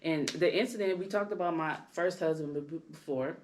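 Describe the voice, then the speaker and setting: A woman in her thirties, a podcast co-host, telling a personal story in casual chat, animated and full of tag questions. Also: a little fast, a little hiss or hum. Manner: animated, rising loud and high when worked up; tag questions, frequent "right?".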